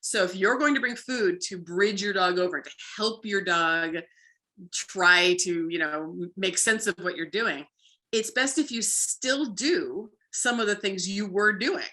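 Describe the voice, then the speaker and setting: A woman dog trainer, a guest explaining play with dogs in casual chat, lively and full of "like". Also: medium pitch, a little slow. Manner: lively, acts out playful bits with frequent "like".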